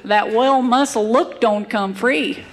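A woman's voice: on the high side, takes it slowly, in a large hall. A woman voicing an old male Western mule packer who brags in a drawling, folksy cowboy manner. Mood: folksy bragging.

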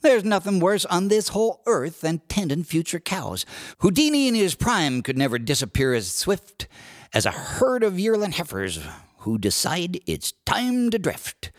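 A man reciting cowboy poetry and singing, with a lively drawl. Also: measured pace. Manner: lively drawl with broad swings of pitch. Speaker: cowboy poet and singer. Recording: dry studio recording with guitar.

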